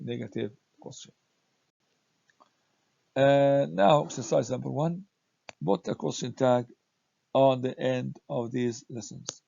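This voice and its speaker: Slow gravelly-voiced male grammar teacher. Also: mid-range voice, warm tone, no echo. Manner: slow, halting delivery with frequent "uh" fillers; reads example sentences and answers aloud. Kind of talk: explaining a grammar lesson. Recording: dull lo-fi dry recording.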